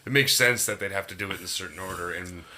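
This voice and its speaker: A man's voice: low-pitched, fast, sharp tone. A man co-hosting a podcast in casual chat, rambling and laughing often. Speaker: podcast co-host.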